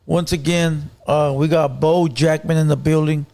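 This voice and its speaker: A male host runs the phone lines in an easygoing way and reads out numbers. His voice sits a little high. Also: fairly even intonation, normal speed, gravelly, darkish tone. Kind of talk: call-in show hosting.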